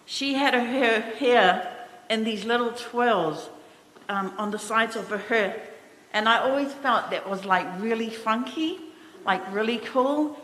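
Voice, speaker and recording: A middle-aged woman giving a fond, reminiscing funeral eulogy in a large church, a little halting at times. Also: on the high side, fairly bright tone, a little hiss or hum. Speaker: family member giving a eulogy. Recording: echoey church hall, faint ambience.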